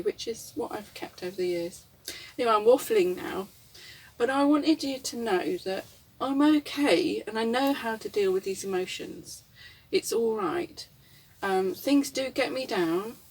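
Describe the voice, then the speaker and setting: A woman's voice: medium pitch, a little mellow, slightly rough. Rambling woman, distant mic. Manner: rambling, chuckles often, candid. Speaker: vlogger. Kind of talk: reflective casual monologue. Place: inside a camper van.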